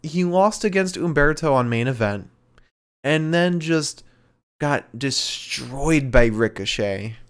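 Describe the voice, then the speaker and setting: Slow, smooth-voiced podcast co-host. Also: medium pitch, lively intonation. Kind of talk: casual wrestling recap chat.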